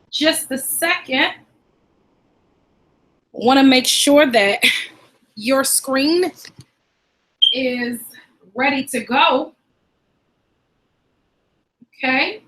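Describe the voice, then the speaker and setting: A woman's voice: high voice, extremely slow, pauses often, sharp tone. A woman from Washington, D.C. hosting a live online class, upbeat and greeting viewers by name and where they are from.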